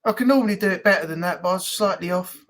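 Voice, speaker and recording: A woman's voice: fairly low pitch, very fast. A woman from Manchester with a Mancunian accent, hosting a live stream in a chatty, joking way. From Manchester, England. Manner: chatty, joking, swears casually.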